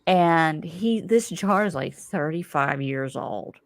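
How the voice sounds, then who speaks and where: A middle-aged woman hosts a casual podcast chat with a low voice. Her pitch swings widely as she tells an animated story and swears freely. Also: slow pace. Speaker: podcast host.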